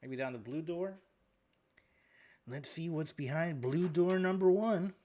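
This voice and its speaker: A man's voice: a little high, unhurried, darkish tone, slight background noise. A man giving live gameplay commentary as a streamer, joking and chatting with his viewers while he plays.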